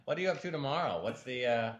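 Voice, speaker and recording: A man's voice: medium pitch, animated, fast, dull audio, a crowd in the background. A man hosting a casual podcast chat, teasing and joking with his guests. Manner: teasing, jokey. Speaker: host. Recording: roomy sound.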